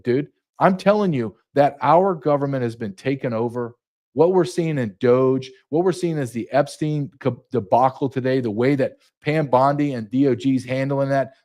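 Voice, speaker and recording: A man's voice: fairly high pitch, a little mellow. A middle-aged man, a retired border patrol agent, telling a story as a podcast guest, indignant and emphatic. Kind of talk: heated podcast interview.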